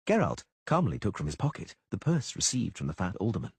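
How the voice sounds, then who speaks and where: Male narrator, husky, lively pitch, dry close recording. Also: brisk, few pauses, no echo. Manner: voices characters with lively shifts. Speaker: audiobook narrator. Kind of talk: scripted audiobook narration.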